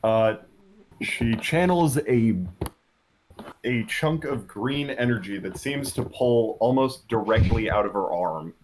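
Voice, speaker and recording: A man's voice: mid-range voice, slow, darkish tone, slight background noise. A man playing a tabletop game over a voice call, describing his character's action hesitantly with many fillers. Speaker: player. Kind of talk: casual tabletop play. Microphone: computer mic on a voice call.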